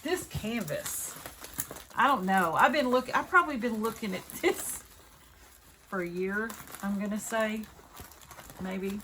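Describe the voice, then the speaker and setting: A woman's voice: mid-range voice, a little slow, long pauses, bright, forceful tone, slight background noise. A woman with a Southern accent, chatting and rambling casually as she unboxes and shows off a craft kit. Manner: chatty, rambling, self-correcting. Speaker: craft video host.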